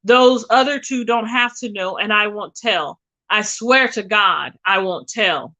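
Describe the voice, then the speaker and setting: A woman's voice: medium pitch, unhurried, pushed and bright. A woman reading aloud the lines of a frightened young woman held captive, pleading shakily to be let go. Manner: begging, shaky, desperate.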